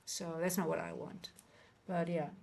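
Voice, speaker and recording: A woman's voice: on the low side, flat delivery, normal speed, vocal fry, darkish tone. A woman coaching traders on a casual livestream, talking earnestly and rambling with many restarts. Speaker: trading coach and livestream host.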